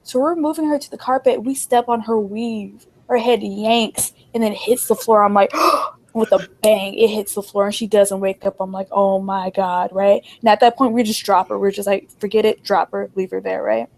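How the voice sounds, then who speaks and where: A young woman co-hosting a casual chat, telling a wild story and acting out the people in it with her voice jumping up high. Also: moderate pace, creaky, hardly any pauses. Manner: animated, acts out quotes in a raised voice. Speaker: podcast co-host.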